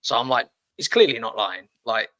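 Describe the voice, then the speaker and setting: A man's voice: medium pitch, expressive, moderate pace, pushed and bright. A middle-aged man hosting a casual podcast, blunt and swearing freely, often repeating his words. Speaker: podcast host.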